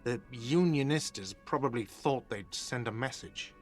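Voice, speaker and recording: A man's voice: medium pitch, normal speed, a little mellow, faint music behind, natural voice. A man voicing a testy, whiny cafeteria manager in a video game, defensive and impatient.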